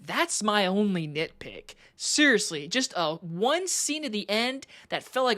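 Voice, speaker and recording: Woman movie reviewer, casual and excitable, peppers her talk with "like". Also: medium pitch, moderate pace, hardly any pauses. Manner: chatty, enthusiastic, heavy use of "like".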